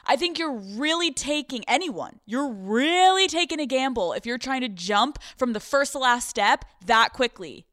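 A woman's voice: on the high side, fairly bright tone, no echo, studio quality. A woman hosting a podcast, telling stories in a brash, profanity-laced comedic monologue. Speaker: podcast host.

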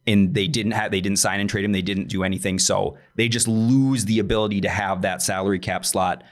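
A man's voice: on the low side, fairly even intonation, a little fast. A man co-hosting a casual basketball podcast, explaining details patiently and peppering his talk with "like". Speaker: podcast co-host. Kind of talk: casual sports chat.

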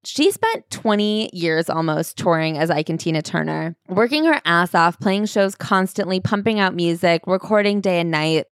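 A woman co-hosting a casual chat, retelling a story with excitement and swearing. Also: lowish voice, moderate pace, few pauses, clean tone, dry recording, clean studio sound. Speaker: podcast co-host. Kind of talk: casual book-club chat.

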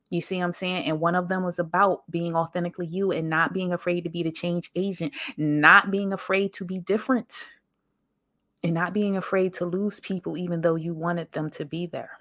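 Animated woman podcaster telling stories. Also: lowish voice, dry recording, studio quality. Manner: animated storyteller, acts out quoted voices, laughs often. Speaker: podcast host. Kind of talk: casual motivational monologue.

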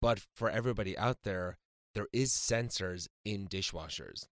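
A man's voice: low-pitched, moderate pace, a bit bright, dry recording. A man co-hosting a casual chat show, joking, swearing and defending himself. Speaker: podcast co-host.

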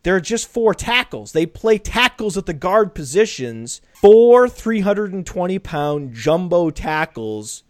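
A man hosting a podcast in casual analytical chat, brisk and stats-heavy with jokes thrown in. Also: high-pitched, sing-song, no room sound, clean studio sound. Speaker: podcast host.

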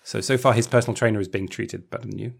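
A man's voice: lowish voice, fairly even intonation, racing, creaky. A man co-hosting a podcast in casual chat, talking with many ums and restarts. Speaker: podcast co-host.

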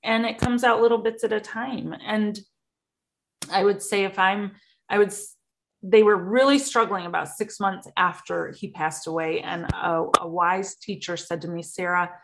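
A woman's voice: medium pitch, steady tone, normal speed, vocal fry, a bit bright, slight background noise. A woman speaking as a podcast guest and grief expert, talking earnestly and personally with small restarts. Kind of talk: candid interview talk.

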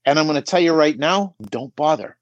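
A middle-aged man coaching on a podcast, emphatic and animated, asking rhetorical questions as he talks. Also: a little high, brisk, no room sound, highs cut off. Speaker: auto shop business coach guest. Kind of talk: podcast conversation.

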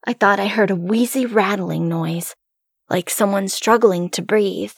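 Woman narrating a hushed horror story. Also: medium pitch, unhurried, creaky, husky, dry recording, clean studio sound. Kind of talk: scripted first-person horror narration.

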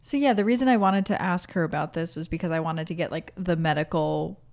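A woman's voice: fairly low pitch, fairly quick, a little mellow. A woman hosting a podcast, talking casually and reflectively, with lots of "like". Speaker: podcast host. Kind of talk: scripted podcast narration and interview commentary. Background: background music.

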